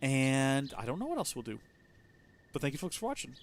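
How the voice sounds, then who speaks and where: With a medium-pitched, sing-song voice and a fairly quick pace, this man livestreams a video game over a little hiss or hum. His chatty commentary wanders as he muses aloud and keeps restarting what he's saying.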